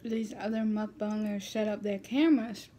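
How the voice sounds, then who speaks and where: A woman vlogger chatting casually while she eats, sometimes dropping into a soft whisper, recorded on a built-in camera mic. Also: medium pitch, fairly even intonation, normal speed. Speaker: mukbang vlogger. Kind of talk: casual chat while eating.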